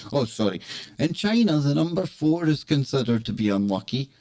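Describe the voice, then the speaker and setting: A man hosts a live talk show in a loose, joking way. He reads out bits and riffs on them with playful asides. His voice sits at an ordinary mid pitch. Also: sing-song, normal speed, a little mellow. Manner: jokey, playful, breaks into laughs and exclamations. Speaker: host. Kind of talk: casual live show chat.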